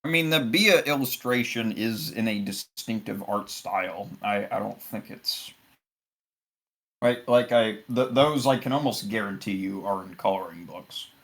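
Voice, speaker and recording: Low-voiced man, halting chat. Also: a bit bright. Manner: hesitant, stammering restarts. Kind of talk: casual chat on voice call.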